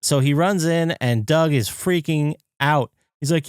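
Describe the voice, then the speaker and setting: A man co-hosting a podcast, retelling a movie scene by scene and jumping into high, excited impressions of the characters. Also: measured pace, hardly any pauses, clean tone, no room sound, studio quality. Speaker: podcast co-host. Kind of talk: casual movie recap chat.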